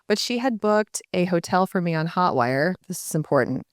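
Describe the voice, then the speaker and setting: A woman telling a story to a live audience in a casual, animated way, often slipping into voices for the people she quotes. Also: medium pitch, a little fast, dry recording, studio quality. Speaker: guest speaker.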